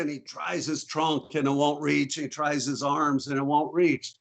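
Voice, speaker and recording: A man's voice: a little high, little pitch movement, moderate pace, vocal fry. A man guesting on a podcast, chatting casually and telling jokes playfully. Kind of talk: casual chat.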